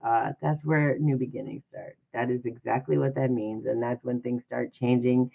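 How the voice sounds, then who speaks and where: A motivational livestream host talks in an encouraging, repetitive way, circling back to the same rhetorical questions. The voice sits at a mid pitch. The sound is thin and phone-like. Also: fairly even intonation, normal speed, gravelly, husky. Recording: tinny phone-like audio.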